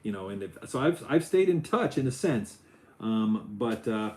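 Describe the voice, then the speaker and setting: A middle-aged man hosting a casual Lego building livestream, loose and chatty, his voice jumping up when he gets excited. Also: mid-range voice, moderate pace. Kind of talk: casual chat while building. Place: home office.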